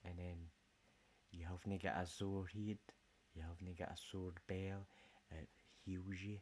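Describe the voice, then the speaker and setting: A man's voice: deep voice, little pitch movement, measured pace, darkish tone, slight background noise. A Scottish man in a casual, rambling chat full of jokes and swearing. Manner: jokey, rambling, swears a lot. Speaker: vlogger.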